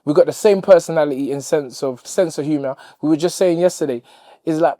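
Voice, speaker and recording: A man's voice: fairly high pitch, moderate pace, mellow, dry recording, clean studio sound. A middle-aged man, a boxing coach talking earnestly about his fighter. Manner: earnest, reflective, with playful bickering. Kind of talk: interview and gym banter.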